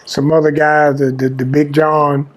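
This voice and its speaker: A man's voice: fairly high pitch, little pitch movement, measured pace. A man hosting a podcast, chatting loosely with heavy swearing. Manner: loose, profane banter. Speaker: podcast host. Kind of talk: casual chat.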